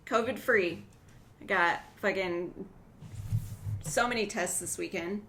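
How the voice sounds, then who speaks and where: A woman of middle pitch rambling through a story on a casual podcast, full of "like" and offhand swearing. A faint hum of room ambience sits behind her voice. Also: slow pace, sharp tone. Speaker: podcast co-host.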